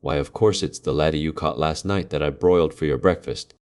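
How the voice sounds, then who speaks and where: A man's voice: a bass voice, fairly quick, darkish tone, clean tone. A man doing the ogre's scolding wife. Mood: coaxing. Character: ogre's wife, sly fussing housewife.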